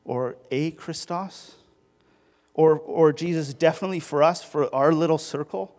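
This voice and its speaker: A man's voice: fairly high pitch, normal speed, darkish tone. A male pastor giving a sermon in a conversational style, with restarts and emphatic rises.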